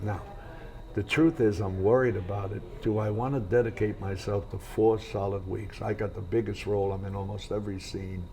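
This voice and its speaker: A man's voice: lowish voice, fairly even intonation, normal speed, dark tone. An older man, an actor being interviewed, telling long rambling stories in a casual way and acting out quoted voices. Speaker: actor guest. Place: hotel room.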